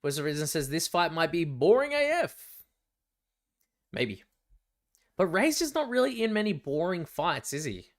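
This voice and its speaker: A young Australian man hosting a live fight watch-along, chatty and excitable, swearing freely as he reacts. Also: fairly high pitch, normal speed, long pauses. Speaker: livestream fight companion host.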